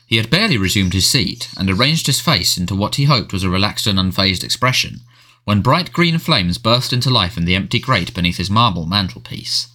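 A man narrating a storybook in a measured, expressive reading. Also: fairly low pitch. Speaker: audiobook narrator.

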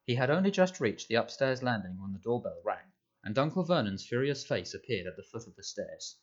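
A man narrating a children's novel in measured, scripted storytelling. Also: mid-range voice, big pitch swings, highs cut off. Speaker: audiobook narrator.

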